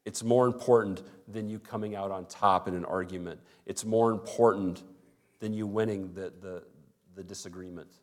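A man's voice: fairly low pitch, fairly even intonation, normal speed. A male pastor preaching a sermon in a conversational way, acting out little everyday dialogues.

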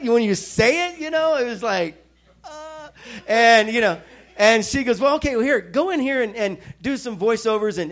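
High-voiced man preaching a testimony. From Missouri. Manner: storytelling, animated, self-mocking asides. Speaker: pastor. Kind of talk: sermon with personal testimony.

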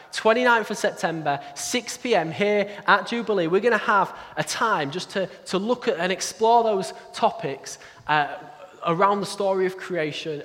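A man giving a sermon in a conversational, self-deprecating way, with quick asides. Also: fairly high pitch, a bit bright. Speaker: pastor. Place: church hall. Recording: echoey church hall.

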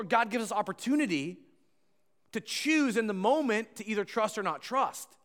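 Animated preacher in a reverberant hall. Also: male voice, high-pitched, normal speed. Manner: animated preaching, swings from loud to hushed. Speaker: pastor. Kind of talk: sermon.

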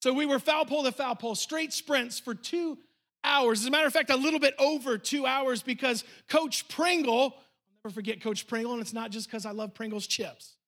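A man's voice: very high-pitched, steady tone, a little fast, fairly bright tone. A man preaching a sermon as pastor, telling a story and speaking directly to the congregation. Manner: storytelling, emphatic, addressing the congregation. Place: church.

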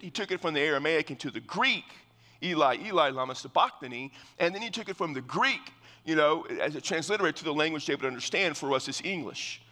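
A man's voice: fairly high pitch, bright, forceful tone, big-room sound. A male pastor preaching verse by verse in an earnest, explanatory way, often restarting his phrases. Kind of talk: verse-by-verse sermon.

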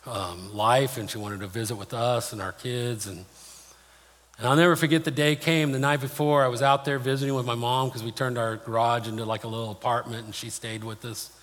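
A male pastor delivers a sermon in a plain-spoken, personal manner, weaving in stories from his own life. His mid-pitched voice rings out with a long reverb tail from a large hall. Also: steady tone, fairly quick, fairly bright tone.

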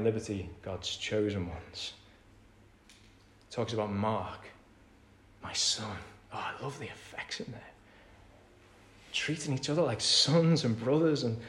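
A man preaching a conversational sermon in a church. He repeats key phrases and swings from hushed to loud. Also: a little high. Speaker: pastor. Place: church hall. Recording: echoey church hall.

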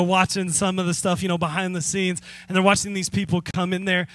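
A man preaching as a pastor, telling a story in a lively, conversational way with direct appeals to the congregation. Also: high-pitched. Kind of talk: sermon.

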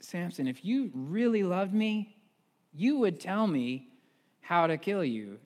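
A wheedling young woman who nags her lover with high, whiny pleas, as a man puts her on during a sermon. The voice sits well above a man's natural register and swoops as it begs. A long reverb trails every word. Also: big pitch swings, slow pace, darkish tone, full character voice. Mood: pleading.

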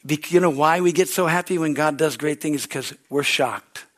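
A man's voice: a little high, fairly even intonation, brisk. A man preaching a sermon as pastor at a church service, telling stories animatedly with frequent restarts.

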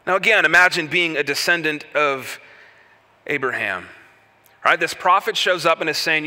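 A man preaching a sermon, telling the story with lively rhetorical questions. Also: on the high side, normal speed. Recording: echoey hall reverb.

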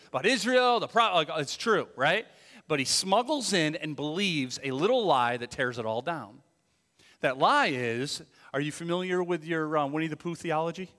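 A man preaching a sermon as pastor, animated, sometimes dropping to a whisper for emphasis. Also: a little high, big-room sound.

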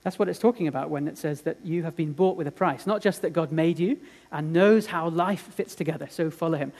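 A male preacher delivers a sermon as a dramatic, earnest story. His slightly high voice rises loud for the drama and falls to a hush for the tender moments. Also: fairly quick.

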